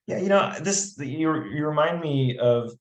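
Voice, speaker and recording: A man's voice: fairly high pitch, lively intonation, measured pace, echoey room, low-quality recording. A man with an American accent in casual podcast chat, talking in a thoughtful, rambling way. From United States. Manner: thoughtful, rambling, many restarts and fillers.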